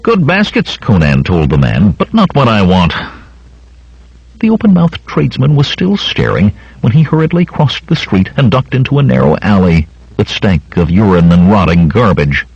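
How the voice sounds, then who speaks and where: Gravelly, expressive male audiobook narrator. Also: normal speed, dry recording, dull audio. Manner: dramatic, expressive reading with wide pitch swings.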